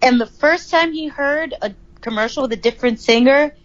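A woman's voice: sits high, fairly quick. A woman co-hosting a podcast in casual chat, giggly and chatty. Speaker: podcast co-host. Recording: slightly dull lo-fi sound.

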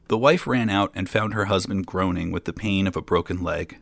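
Guy reading a fairy tale out loud, low gravelly voice, dry close sound. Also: fairly quick, hardly any pauses, no echo. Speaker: storyteller.

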